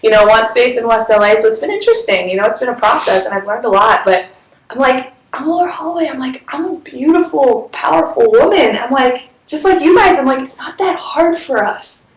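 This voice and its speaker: A woman's voice: high voice, lively intonation, a little fast, reverberant, rough recording. A woman from Chicago who runs a wellness business, telling a story in casual livestream talk, bubbly and laughing often, with lots of "like".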